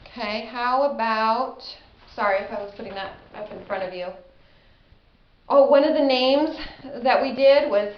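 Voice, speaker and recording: A middle-aged woman teaching a casual spelling lesson, chatty and self-deprecating, sounding words out slowly. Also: on the high side. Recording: echoey room, slightly dull audio.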